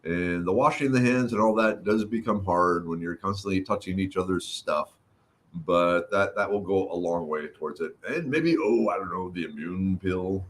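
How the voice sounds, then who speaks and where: A middle-aged man with a low voice speaks at normal speed over a little hiss or hum. Hosting a casual livestream, he reads comments and greets viewers by name while his throat recovers.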